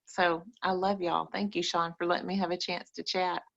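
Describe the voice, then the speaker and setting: A woman's voice: on the low side, level tone, normal speed, creaky, fairly bright tone, dull audio. A woman, speaking earnestly and emotionally to a group on a video call. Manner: emotional, earnest, repetitive phrasing. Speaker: call participant. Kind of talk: heartfelt group-call testimony.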